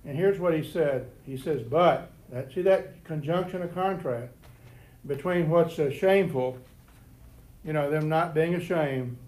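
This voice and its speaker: A man's voice: fairly high pitch, unhurried, a little mellow. Man teaching Sunday school. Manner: repeats words and restarts, admits a lifelong stutter. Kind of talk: Bible lesson to a class. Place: church classroom before a group.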